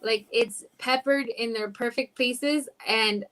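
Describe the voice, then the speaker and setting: Bright, enthusiastic woman podcast co-host. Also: a little high, fairly even intonation, takes it slowly. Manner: enthusiastic, laughs easily. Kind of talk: casual chat.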